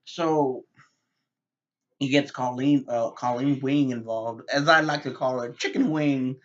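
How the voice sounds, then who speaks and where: A man's voice: medium pitch, fairly even intonation, a little slow, dull audio. A man giving a casual, rambling review, with lots of fillers and repeated words. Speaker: TV show reviewer.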